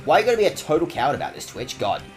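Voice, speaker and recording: A man's voice: a little high, huge pitch swings, very fast. A male streamer ranting with mock outrage and frequent swearing, his voice leaping up and down. Faint game music plays behind him. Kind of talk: casual game stream commentary.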